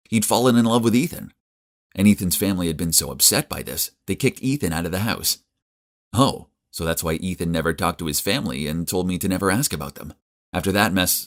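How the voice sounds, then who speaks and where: Young man, deep low voice, earnest scripted first-person narrator for an animated story.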